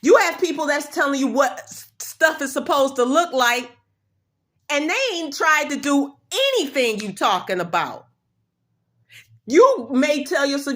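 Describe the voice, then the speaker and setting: A woman's voice: high voice, sing-song, normal speed, a bit bright. A woman vlogger giving an emphatic, repetitive motivational talk in blunt, slangy everyday speech. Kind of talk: motivational pep talk to camera.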